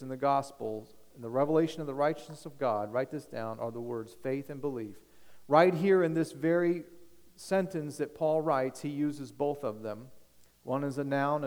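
A man preaching a sermon as pastor, emphatic, swinging from loud declarations to hushed appeals. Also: fairly high pitch, big-room sound.

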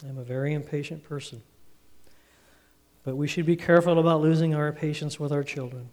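A man preaching a Father's Day sermon, earnest and storytelling, his phrases trailing off softly. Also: a little high, fairly even intonation, a little fast. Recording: reverberant hall, speaker a bit off-mic.

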